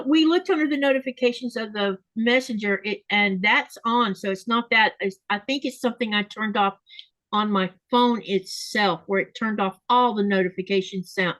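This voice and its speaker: A woman's voice: medium pitch, fairly bright tone, dry recording. A woman hosting a casual live chat, reading viewer comments aloud and laughing often. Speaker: live stream host.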